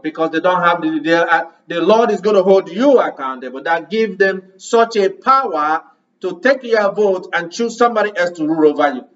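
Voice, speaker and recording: Male preacher, sermon, emphatic rhetorical questions, high voice, muffled lo-fi sound. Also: fairly bright tone, recorded from a distance.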